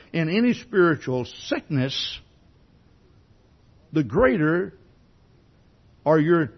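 A pastor delivers a sermon in a husky, slightly high voice with freely swinging pitch. He speaks conversationally to the congregation, fires off rhetorical questions, and stumbles over repeated words when starting sentences, in a dull, lo-fi recording.

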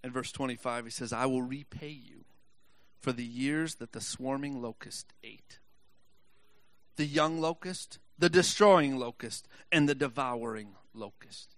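A man preaching a sermon, reading scripture slowly, joking with the congregation, and rising to impassioned shouts. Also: medium pitch, no room sound.

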